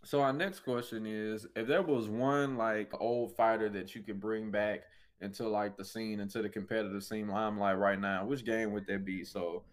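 A man hosting a casual gaming podcast with a fairly low voice. He is laid-back and chatty, telling stories and laughing often as he moves the talk to the next question. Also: steady tone, moderate pace. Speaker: podcast host. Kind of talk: casual chat.

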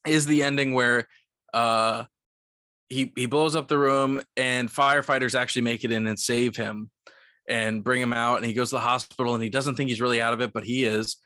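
A tipsy man on a podcast excitedly retelling a movie's plot, rambling with lots of "like" and swearing. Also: mid-range voice, fairly quick, no echo, clean studio sound. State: tipsy from liquor. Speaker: podcast co-host. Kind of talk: casual movie-recap chat.

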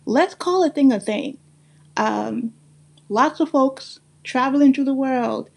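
Addressing her audience directly in a relaxed monologue, a Brooklyn woman podcast host speaks in a fairly high, darkish voice with a blend of Guyanese and New York accents. She's emphatic and repeats phrases to drive points home.

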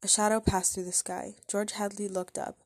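A woman narrating a short story aloud in a measured, steady way. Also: medium pitch, dry recording.

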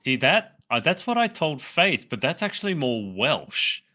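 Bright-voiced interviewer. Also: male voice, fairly high pitch, measured pace. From Australia. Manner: animated, laughs often, repeats words. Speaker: podcast host, interviewer. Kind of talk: casual interview chat.

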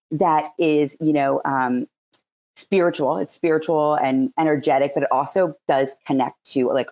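A woman speaks in a low-pitched, creaky, slightly mellow voice with a Philadelphia accent. As a Reiki practitioner guesting on a podcast, she chats in a casual interview style with loose, wandering explanations.

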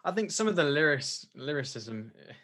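A young man chats casually and mostly goes along with his friend. His voice sounds bright, with a sharp edge. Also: on the high side, sing-song, a little fast. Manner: agreeable, laughs along. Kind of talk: casual chat.

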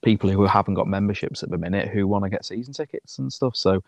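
A man's voice: on the low side, fast, creaky, no room sound, muffled recording. A man co-hosting a casual football podcast, rambling with many ums and friendly banter. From Shropshire, England. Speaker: podcast co-host.

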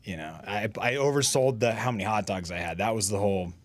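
A middle-aged man telling stories in a casual podcast chat, self-deprecating and halting, with many restarts. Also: on the low side, expressive. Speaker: guest.

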